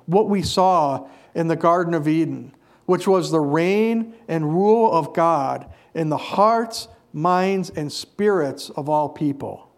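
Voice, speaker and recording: A man delivers a sermon in a fairly high voice. He preaches earnestly and leans hard on repeated phrases to drive each point home.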